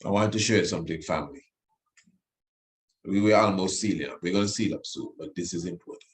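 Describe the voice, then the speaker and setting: A man teaching the Bible on the radio, emotional, repeating phrases and reading scripture slowly with emphasis. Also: sits low, sing-song, gravelly.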